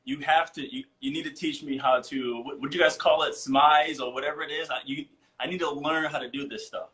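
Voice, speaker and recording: A man joins a live video chat as a guest, his voice sitting a little high. He talks in an upbeat, joking way, full of energy and quick asides. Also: fairly even intonation, a bit bright. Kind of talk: casual live-stream chat. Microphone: video call.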